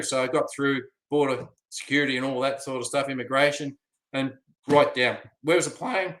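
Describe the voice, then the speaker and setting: An Australian man spins a long, rambling travel yarn, dotted with ums and uhs. His voice is bright and forceful, sitting in the middle of the pitch range. The recording has a roomy echo around it. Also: fairly even intonation, a little fast. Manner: rambling, chatty, with many fillers. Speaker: vlogger. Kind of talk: casual storytelling.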